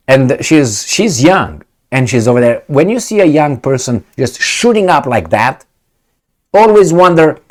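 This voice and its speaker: A man's voice: medium pitch, a little mellow. A middle-aged man from Romania giving a heated, sarcastic video commentary, mocking and ranting at his viewers.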